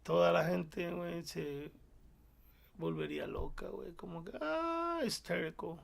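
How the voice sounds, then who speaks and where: A man chats loosely on a podcast, joking and hopping between two languages. His voice is heavily gravelly and sits a little high for a man. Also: lively intonation, moderate pace. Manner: joking, switching between Spanish and English. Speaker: podcast co-host. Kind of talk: casual chat.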